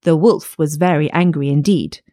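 A woman reading a fairy tale aloud in a lively, expressive storytelling manner. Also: low voice, normal speed, dry recording, studio quality.

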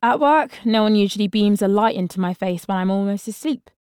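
A sleepy young guy, relaxed and self-deprecating, talking in an easy offhand way, as a woman reads him aloud. Dry, close sound with no room around the voice. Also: mid-range voice, brisk, clear, resonant tone, no echo, natural voice. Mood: easygoing. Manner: relaxed, offhand, swears casually.

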